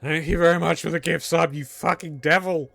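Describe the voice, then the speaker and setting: Guy streaming a game, bright voice, jokey and chatty, faint music behind. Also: on the high side, fairly even intonation, brisk, vocal fry. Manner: joking, irreverent, chatty. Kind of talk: casual live-stream chat while playing a game.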